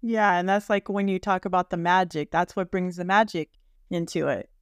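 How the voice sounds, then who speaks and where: A middle-aged woman, a guest educator, answering interview questions in a measured, reflective way. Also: on the low side, steady tone, smooth, dry recording, clean studio sound.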